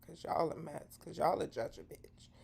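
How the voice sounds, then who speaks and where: Sassy low-voiced woman host. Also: moderate pace, vocal fry, darkish tone, slightly rough. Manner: sassy, profane, dramatic; swoops into high exclamations. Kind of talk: live gossip commentary.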